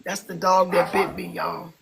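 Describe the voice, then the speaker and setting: A woman, chatting casually on a phone and praising everyone with warm, loose swearing. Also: fairly low pitch, little pitch movement, normal speed, vocal fry, background noise. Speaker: listener calling in to a live audio chat. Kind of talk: casual chat.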